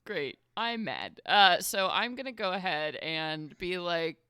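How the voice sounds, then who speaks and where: Laughy woman player cursing at her dice, bright voice, swoopy pitch. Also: unhurried, smooth, dry recording, clean studio sound. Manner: laughing, swearing, expressive. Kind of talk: casual tabletop play.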